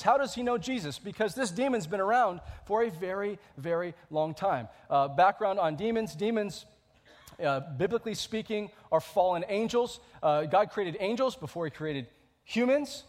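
A man delivers a church sermon, chatting through scripture with plenty of asides and restarts. His voice sits high for a man. A lingering hall reverb trails his words. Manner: conversational, explains scripture with asides and self-corrections. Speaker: pastor.

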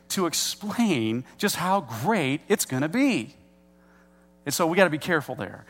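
Man, middle-aged, pastor, sermon, conversational, emphatic, slightly high pitch. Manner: conversational, emphatic preaching with stretched key words.

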